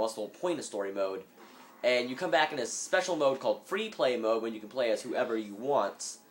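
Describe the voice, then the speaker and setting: Rambling, jokey let's-play commentator, phone-recorded. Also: male voice, fairly low pitch, slight background noise. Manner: rambling, jokey, mock-businesslike. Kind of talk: casual gameplay commentary.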